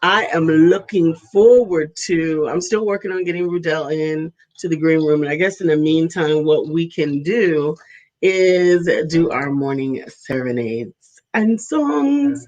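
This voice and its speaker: A woman's voice: deep voice, unhurried, darkish tone, poor audio. A woman in her fifties co-hosting a live talk show, chatting playfully and breaking into sung greetings. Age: 50s. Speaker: co-host. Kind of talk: casual live show chat.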